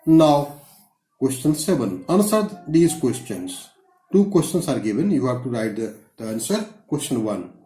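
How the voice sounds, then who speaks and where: A male school English teacher from India, dictating answers slowly, reading out the punctuation and spelling words letter by letter. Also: mid-range voice, very animated, mellow. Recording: echoey room.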